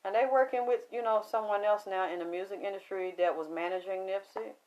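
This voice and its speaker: A woman telling a story about a spiritual reading to an audience in a casual, animated way, full of cursing and sudden excited jumps in pitch. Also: brisk. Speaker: spiritual medium recounting a reading.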